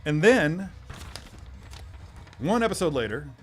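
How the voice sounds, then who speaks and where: A man's voice: on the high side, very animated, takes it slowly. A man hosting a casual live stream, chatty and self-deprecating, thinking aloud and answering viewer comments as he works. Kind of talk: casual live-stream chat while unboxing. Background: faint sci-fi music.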